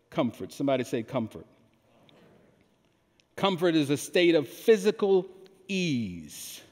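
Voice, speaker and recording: Slow, emphatic male preacher in reverb. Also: a little high, sing-song, darkish tone. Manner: slow, emphatic delivery with call-and-response questions. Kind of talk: sermon. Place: large church hall. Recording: long hall reverb.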